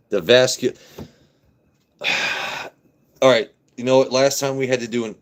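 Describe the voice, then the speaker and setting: A man from Southern Maryland hosting a casual livestream, talking to his chat and letting his voice drop deep and blunt. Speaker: livestream host.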